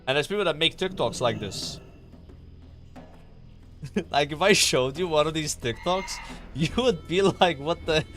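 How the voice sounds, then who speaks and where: A man's voice: fairly high pitch, animated, normal speed, fairly bright tone, soft background music. A young man chatting casually on a stream, rambling, swearing and filling with "like" and "you know.".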